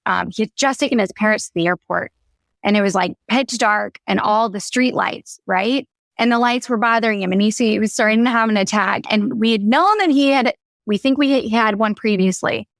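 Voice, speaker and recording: Fairly high woman podcast host, animated storyteller, dry studio sound. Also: moderate pace, vocal fry, no room sound. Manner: chatty and animated, tells stories with quoted voices. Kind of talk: casual podcast conversation.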